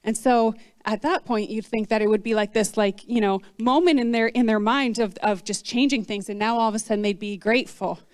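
A woman's voice: a little high, a little fast, darkish tone, no echo. A woman pastor giving a conversational sermon, often acting out the voices of complaining people. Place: church.

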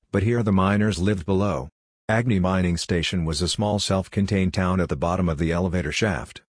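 A man reading a science fiction audiobook in steady, even scripted narration. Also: deep voice, no room sound, studio quality.

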